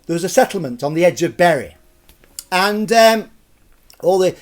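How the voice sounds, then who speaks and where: A man's voice: sits high, sing-song, a little fast, a little mellow. A middle-aged man hosting a live storytelling stream, chatty, jokey and digressive. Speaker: storyteller and host.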